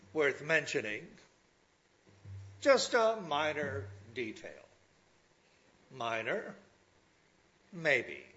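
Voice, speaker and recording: A man preaching a sermon, talking to his listeners in a slow, lively way with asides. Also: fairly high pitch, muffled recording.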